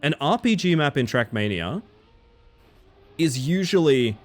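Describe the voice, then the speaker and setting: Playing a racing game on stream, a man with a sing-song voice on the high side talks at a measured pace. He's from the Isle of Man and Australia, and his casual commentary is chatty and jokey, reacting to his chat.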